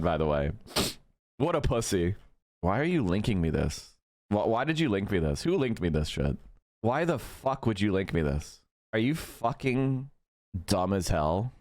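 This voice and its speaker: A man's voice: mid-range voice, no room sound, clean studio sound. A man in his thirties ranting profanely and mockingly during a live stream commentary.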